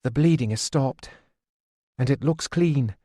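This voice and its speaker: A man reading the lines of a practical, stubborn young woman tending a wound, in a brisk, matter-of-fact way, for an audiobook. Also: medium pitch, warm tone, no echo, clean studio sound, lightly acted.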